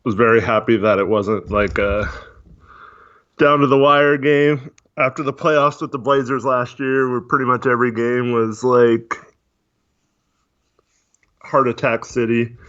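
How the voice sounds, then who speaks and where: A man chatting casually on a livestream, talking in a monotone with many fillers while reading chat. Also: medium pitch, unhurried, pauses often. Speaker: podcast co-host. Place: voice only on a live stream. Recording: dull lo-fi stream audio.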